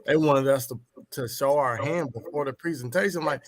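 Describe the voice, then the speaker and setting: A man's voice: medium pitch, moderate pace, dry recording. A man in a casual chat, speaking emphatically and asking rhetorical questions.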